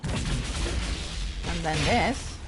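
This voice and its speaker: A woman's voice: deep voice, animated, extremely slow, faint music behind. A woman hosting a let's play, chatting through her gameplay in a self-mocking way and talking to the game characters. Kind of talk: casual gameplay commentary.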